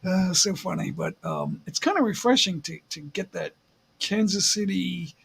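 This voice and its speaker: A middle-aged man hosts a casual livestream chat, telling animated stories and laughing often. His voice sits high for a man, with a gravelly, husky edge. His pitch swings widely as he talks. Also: moderate pace. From United States. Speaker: livestream host.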